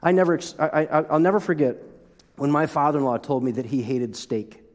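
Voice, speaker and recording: A middle-aged man preaching a sermon as pastor, animated, with joking asides and frequent restarts. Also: a little high, a little fast. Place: church sanctuary. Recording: long hall reverb.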